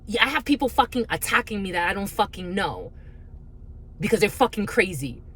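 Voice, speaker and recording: A woman's voice: mid-range voice, sing-song, a little fast, fairly bright tone, breathy edge. A woman giving a spiritual card reading in a blunt, profane, heated rant. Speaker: tarot reader.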